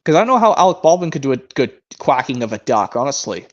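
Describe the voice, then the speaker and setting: A young adult man streams a casual chat comparing versions of a show, rambling and restarting his sentences, and reads narration aloud slowly. His mid-range voice is sing-song, and the stream audio is muffled and lo-fi.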